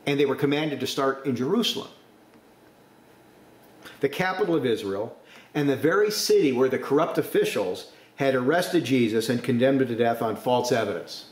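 Forceful male preacher in an echoey room. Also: medium pitch, lively intonation, moderate pace. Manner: forceful preaching, sudden rises to emphasis. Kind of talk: sermon.

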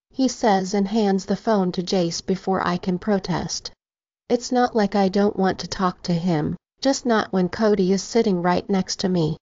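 A woman narrating a first-person romance audiobook with a steady, even reading. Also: mid-range voice, unhurried, no room sound. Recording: slightly dull, dry recording.

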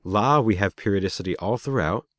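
A man delivers a recorded lecture on speech acoustics, walking through it step by step with frequent fillers and small self-corrections. His voice is on the low side and fairly bright, a little fast, captured in clean studio sound with no echo.

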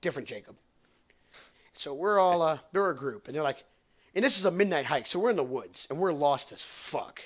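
A man's voice: fairly high pitch, animated, moderate pace. A young man hosting a podcast, telling a long story in a rambling, profane, joking way. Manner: rambling, profane, laughs at own jokes. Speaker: podcast host. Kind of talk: casual storytelling.

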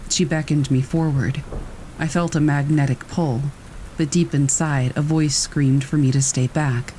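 Narrator: man, somewhat high, mellow voice, calm steady read of horror stories, soft rain in the background. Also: slight background noise, poor audio. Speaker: story narrator. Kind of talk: scripted horror story narration.

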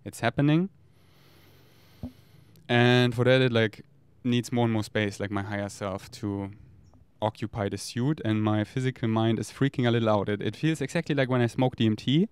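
A man's voice: mid-range voice, moderate pace, clear, resonant tone. A man talks in a candid, rambling, profane confessional monologue. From Germany. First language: German. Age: 30s. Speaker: vlogger.

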